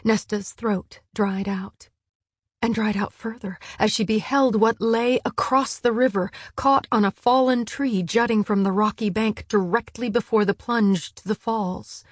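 A woman narrating an audiobook in a hushed, measured storytelling voice. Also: medium pitch, steady tone, breathy edge, dry recording. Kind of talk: scripted narration.

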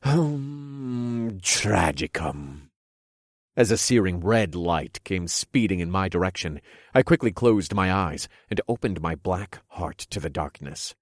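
A man giving dramatic, steady first-person audiobook narration. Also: deep voice, moderate pace, dry recording, clean studio sound.

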